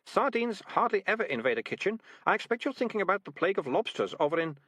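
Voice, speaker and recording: A man voicing a sharp-tongued girl who hates rats, indignant and bossy. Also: high voice, very animated, fast, no echo, clean studio sound, pitched above the performer's own voice, full character voice.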